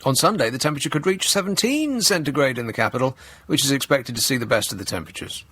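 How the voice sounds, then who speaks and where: Male radio host, dry sarcasm, lively swings in pitch, studio mic. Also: fast talker, breathy edge. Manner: sarcastic, mock-outraged asides while reading news. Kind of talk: comedic talk radio monologue. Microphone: studio microphone.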